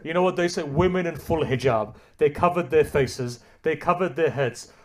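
A man preaching an emotional sermon story, swinging from hushed low tones to loud, impassioned climaxes and asking the audience rhetorical questions. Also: moderate pace.

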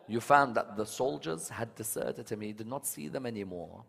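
Male preacher, sermon delivery, quiet narration building to fervent loud outbursts. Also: mid-range voice, normal speed, creaky, slightly rough. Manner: impassioned, rising to loud emotional cries in prayers. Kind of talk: religious sermon.

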